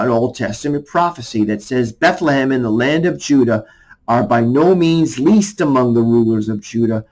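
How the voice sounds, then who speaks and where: A man in a mid-range voice gives a devotional message as an army chaplain. He talks in a loose, conversational way and reads scripture aloud. His voice sits at an ordinary pitch for a man. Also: rough recording.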